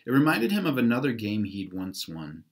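A man's voice: fairly low pitch, huge pitch swings, normal speed. A man reading a children's novel aloud, narrating plainly and adding casual asides. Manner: casual asides between passages. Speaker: audiobook reader.

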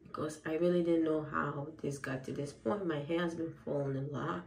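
Fretting low-voiced woman vlogger, gravelly. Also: fairly even intonation, normal speed, a little mellow. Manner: frets aloud, upset with herself. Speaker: hair care vlogger. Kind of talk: casual product-testing talk. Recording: roomy echo with faint background hiss.

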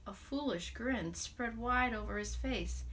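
Expressive woman telling a children's story. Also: a little high, a little slow, a little hiss or hum. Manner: animated, expressive read-aloud with sound effects. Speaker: music teacher. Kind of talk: storytelling to children with ukulele song.

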